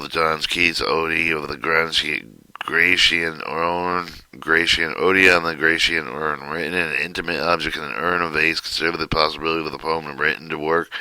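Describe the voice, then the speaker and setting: A man reading a textbook lesson aloud in a halting way, often restarting and stumbling over words. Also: rumbling low, pushed and bright, clear, resonant tone, no echo, low-quality recording. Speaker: teacher reading a textbook chapter.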